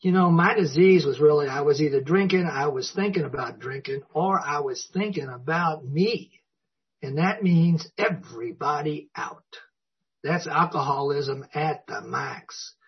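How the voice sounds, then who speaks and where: A man's voice: on the high side, unhurried, slightly rough. An older man speaking at a recovery meeting, telling his story in a folksy way and acting out the dialogue. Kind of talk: personal recovery talk. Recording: dull lo-fi recording.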